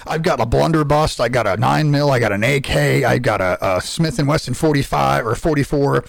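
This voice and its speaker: A man co-hosting a casual podcast, telling profane, excited stories about a survival game with lots of restarts. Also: medium pitch, a little fast, creaky, no room sound, studio quality. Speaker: podcast co-host and streamer.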